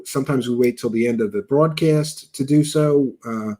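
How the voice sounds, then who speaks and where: A man's voice: medium pitch, moderate pace, mellow. A man hosting a show, giving mocking, sarcastic commentary over video clips and thanking viewers for donations. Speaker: show host reacting to clips.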